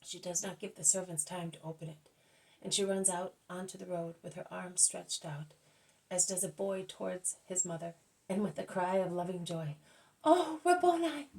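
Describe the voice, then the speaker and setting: A woman reading a devotional book aloud at a careful, measured pace, now and then correcting herself. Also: fairly low pitch, flat delivery, vocal fry, low-quality recording. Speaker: audiobook reader.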